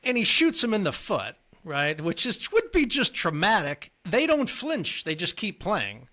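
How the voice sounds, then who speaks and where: A man's voice: sits high, huge pitch swings, measured pace, bright, forceful tone. A man co-hosting a casual movie podcast, enthusiastically prompting his co-host with questions.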